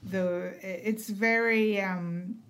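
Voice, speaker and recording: A woman's voice: mid-range voice, fairly even intonation, extremely slow, a bit bright, slight background noise. A woman, a podcast co-host chatting casually about TV shows, rambling with lots of fillers and asides.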